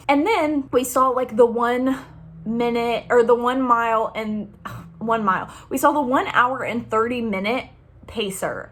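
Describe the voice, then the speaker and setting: Chatty young girl, kinda high voice, recapping her race with tons of "like"s. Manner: bubbly, chatty, lots of "like" fillers. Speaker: running vlogger.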